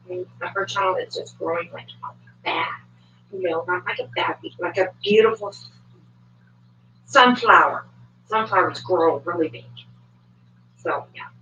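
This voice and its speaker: A woman's voice: on the low side, a little slow, long pauses, sharp tone, a little hiss or hum. Chatty woman streamer in an echoey room. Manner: chatty, swears, many fillers. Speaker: livestream commentator. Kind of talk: casual livestream chat. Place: home, moves between desk and kitchen. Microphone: desk microphone, at times far from it. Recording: echoey, distant, dull home stream audio.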